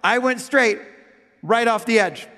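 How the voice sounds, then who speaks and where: A middle-aged male pastor preaching with comic storytelling, swinging from loud funny voices to quiet reflection. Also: extremely high pitch, measured pace. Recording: long hall reverb.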